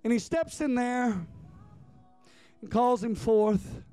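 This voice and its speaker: High-voiced impassioned male preacher. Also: expressive, slow pace, smooth, no room sound, soft background music. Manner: impassioned, repeats words, builds to near-shouts. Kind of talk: sermon.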